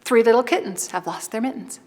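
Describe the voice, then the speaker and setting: A woman music teacher explaining song tales and then telling an expressive story to a group of preschool children. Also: fairly high pitch, a little fast. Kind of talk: instructional narration and storytelling to preschoolers.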